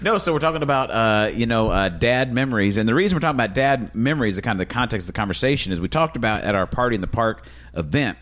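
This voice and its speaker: A man's voice: medium pitch, animated, fast talker, hardly any pauses, a bit bright. A man hosting a casual podcast, talking in an upbeat, rambling way with frequent restarts. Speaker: podcast host.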